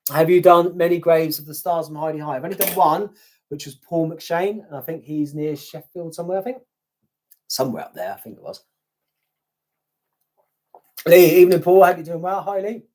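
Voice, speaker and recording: Streaming live from his house, the British host of a YouTube channel about visiting graves works through viewer comments in a chatty, self-deprecating way, swearing now and then. His voice is a little high and darkish, at a moderate pace broken by long pauses.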